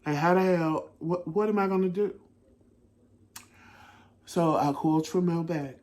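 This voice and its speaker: Guy hosting his own talk show, telling a story all loose and animated, cusses a lot. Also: fairly high pitch, unhurried. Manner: animated, swearing, laughing at himself. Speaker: host. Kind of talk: casual storytelling.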